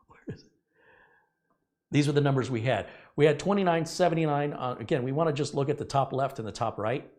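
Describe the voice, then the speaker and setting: A man's voice: medium pitch, quick pace, hardly any pauses, darkish tone. A middle-aged man hosting a computer repair tutorial, talking earnestly and rambling as he corrects himself. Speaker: tech channel host. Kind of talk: casual tech tutorial.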